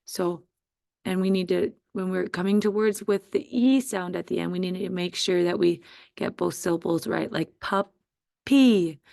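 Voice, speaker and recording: A woman teacher giving a slow, patient spelling dictation to first graders. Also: fairly low pitch, steady tone, vocal fry, darkish tone, no room sound, clean studio sound. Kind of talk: spelling quiz dictation for young students.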